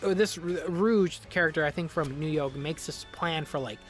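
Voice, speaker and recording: A man's voice: a little high, normal speed, faint music behind. Exasperated man ranting in a review. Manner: exasperated, ranting, swears freely; animated, frequent restarts and repetitions. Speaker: video reviewer. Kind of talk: casual review commentary.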